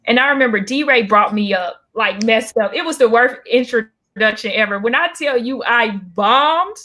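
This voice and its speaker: Young woman comedian chatting, bright ringing voice, gets animated telling stories. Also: fairly high pitch, normal speed. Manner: animated, acts out voices when retelling a story. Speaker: stand-up comedian guest. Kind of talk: casual storytelling chat.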